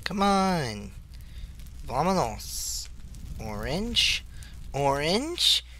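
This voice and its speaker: A man giving let's play commentary in an unhurried, easygoing way, his pitch leaping about wildly as he talks to himself. He keeps breaking into high, excited squeals over small wins, with a faint hiss behind him. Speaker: gaming channel host.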